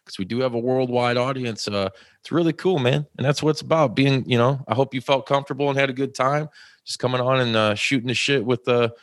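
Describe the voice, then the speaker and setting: A man hosting a wrestling podcast, relaxed and casual, swearing freely and calling his guest brother. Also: mid-range voice, quick pace, no echo, studio quality. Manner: laid-back, swears freely, calls people brother. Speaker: podcast host. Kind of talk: casual chat.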